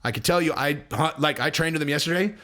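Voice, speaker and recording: A young man hosting a podcast, ranting in a rambling, sarcastic, profane way with quick asides. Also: on the high side, bright, forceful tone. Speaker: podcast host. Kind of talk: casual rant.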